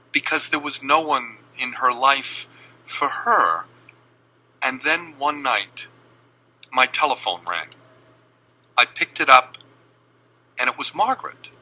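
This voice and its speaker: A middle-aged man from Boston telling a personal family story with deliberate, dramatic pauses. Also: medium pitch, sharp tone, poor audio.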